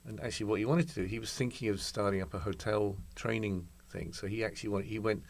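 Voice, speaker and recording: A man's voice: lowish voice, fairly even intonation, fast talker, gravelly. A man in his sixties, a guest in a conversational interview, telling anecdotes in a reflective way.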